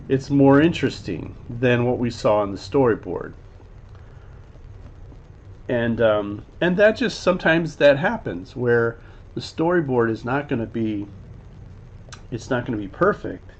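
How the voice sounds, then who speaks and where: In slightly dull lo-fi audio with faint background noise, a man with a medium-pitched voice analyzes an animated scene as a teacher. His delivery is casual and rambling, heavy on fillers, and he voices the characters' lines now and then.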